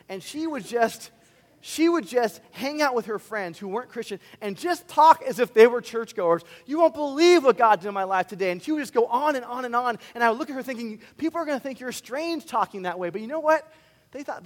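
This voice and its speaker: Animated high-voiced male pastor in a reverberant hall. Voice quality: animated, swings between loud emphasis and quiet asides. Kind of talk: sermon.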